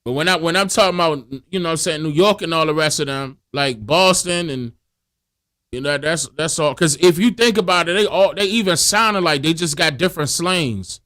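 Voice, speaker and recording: Slangy laid-back man, slightly high voice. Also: fairly quick, bright, forceful tone. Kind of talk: casual conversation.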